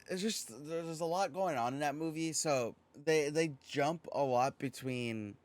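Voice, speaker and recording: A man co-hosting a podcast in casual chat, relaxed and rambling, swearing casually. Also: a little high, measured pace, no room sound. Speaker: podcast co-host.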